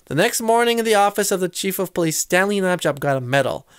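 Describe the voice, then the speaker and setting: A man's voice: high voice, expressive, fast, clear, resonant tone, no echo, studio quality. A man reading a children's chapter book aloud, shifting his voice for each character. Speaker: reader. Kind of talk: storybook read-aloud.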